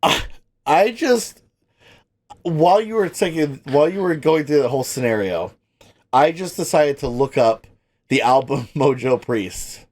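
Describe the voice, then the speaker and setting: A man's voice: a little high, lively intonation, measured pace, darkish tone. A man co-hosting a podcast in casual chat, laughing a lot and swearing freely. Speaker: podcast co-host.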